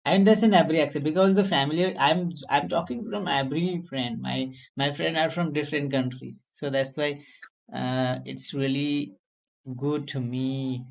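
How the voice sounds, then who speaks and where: A man's voice: on the high side, fairly even intonation, moderate pace, vocal fry. A man with an Indian accent, speaking English as a second language in a casual chat, earnest and encouraging, with non-native grammar. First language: not English.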